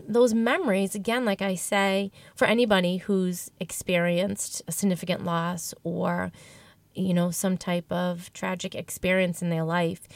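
A woman's voice: fairly low pitch, darkish tone, no room sound. A woman guest telling a candid personal story in an interview, reflective and emotional, often restarting her sentences.

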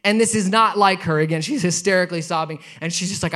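High-voiced male pastor telling a story. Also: fairly even intonation, fairly quick, bright, forceful tone. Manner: conversational storytelling, builds to emphatic preaching. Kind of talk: sermon with personal story.

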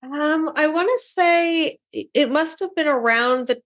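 A woman's voice: high voice, unhurried. A woman comedian, a guest on a podcast, talking casually in a wry, self-mocking way. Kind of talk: casual interview chat.

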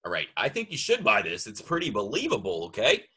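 A man's voice: fairly low pitch, wildly swooping pitch, a little fast, pushed and bright, husky. A man co-hosting a casual podcast chat, rambling and trailing off mid-sentence. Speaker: podcast co-host.

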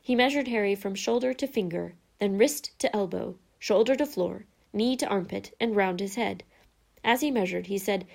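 Woman reading a storybook out loud, calm and steady. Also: medium pitch, moderate pace, gravelly. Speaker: narrator.

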